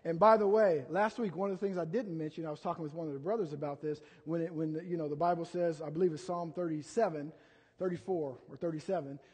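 A middle-aged pastor from Ohio preaching a conversational sermon, telling folksy stories with many asides and fillers. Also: male voice, on the high side, steady tone, quick pace, a little mellow, breathy edge. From Ohio, USA. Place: church sanctuary. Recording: long reverb from a large hall.

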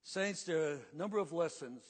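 A man preaching a sermon to his congregation in earnest tones, slowing down to stress his points. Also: fairly high pitch, animated, slightly rough, big-room sound. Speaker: pastor.

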